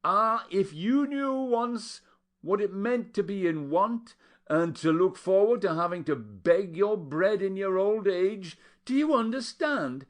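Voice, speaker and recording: A man voicing a weary older woman who talks in a slow, sorrowful way. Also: medium pitch, lively intonation, voice pushed up. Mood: melancholy.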